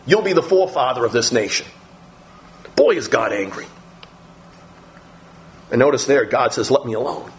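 A man's voice: moderate pace, pauses often. A man preaching a sermon, reading scripture aloud and acting out the quoted voices with sudden, dramatic lifts in his voice. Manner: animated, acts out quoted speech with big pitch jumps.

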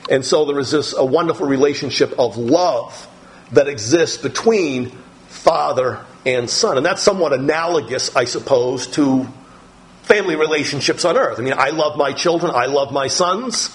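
Preaching through scripture, a middle-aged male pastor takes his time, speaking deliberately with frequent pauses and fillers. His voice is slightly high, and the audio quality is poor.

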